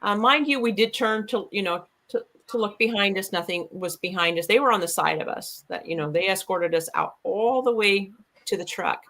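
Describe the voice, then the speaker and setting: Brief: woman guest, mid-pitched, bright tone, rambling storyteller. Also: moderate pace, rough recording. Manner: earnest, rambling, with fillers and restarts. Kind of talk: casual storytelling of an encounter.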